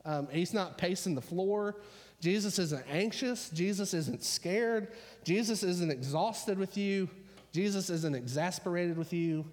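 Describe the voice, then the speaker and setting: A man's voice: high-pitched, measured pace, a little mellow. Man preaching in a reverberant hall. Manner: conversational storytelling with fillers. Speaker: pastor. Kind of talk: sermon.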